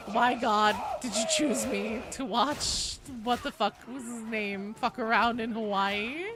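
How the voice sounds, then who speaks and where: A woman's voice: fairly high pitch, steady tone, takes it slowly, hardly any pauses. A woman streaming a game, chatting casually with her chat, joking around and cursing freely. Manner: chatty, swears freely, jokey. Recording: noisy home stream audio.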